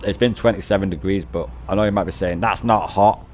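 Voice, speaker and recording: A man's voice: low voice, steady tone, fairly quick, darkish tone, slight background noise. A middle-aged British man chatting casually on a game stream, swearing and laughing a lot. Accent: British English. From United Kingdom. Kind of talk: casual live-stream chat.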